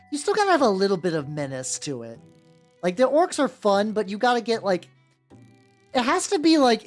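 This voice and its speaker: Rambling man with a lively voice. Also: sits high. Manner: rambling, stumbling self-corrections. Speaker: VTuber streamer. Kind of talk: casual livestream chat while painting miniatures. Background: soft background music.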